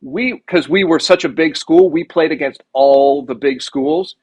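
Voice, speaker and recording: A man's voice: fairly high pitch, sing-song, unhurried, gravelly, darkish tone, husky, rough recording. A young man chatting casually on a podcast, telling profane stories and acting out other people's lines. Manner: profane storyteller, acts out voices of others. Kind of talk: casual chat.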